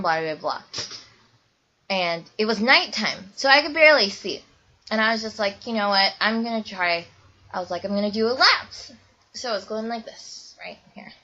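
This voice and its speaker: A young woman vlogging casually to camera, rambling with lots of ums and likes. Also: on the low side. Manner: rambling, many ums and likes, bursts into loud squeals when retelling. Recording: dull lo-fi webcam audio.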